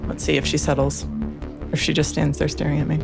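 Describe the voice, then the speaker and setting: A woman's voice: low voice, flat delivery, a little fast, creaky, music in the background. A young woman hosting a stream from home, chatting casually and giving playful, coaxing commands to her dog. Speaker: livestream host. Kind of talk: casual chat while training a dog.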